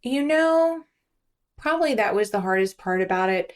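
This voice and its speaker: A woman's voice: medium pitch, lively intonation, normal speed. A young woman sits as a podcast guest and chats casually. She tells her story with animation and slips into voices for her own remembered words. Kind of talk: casual chat.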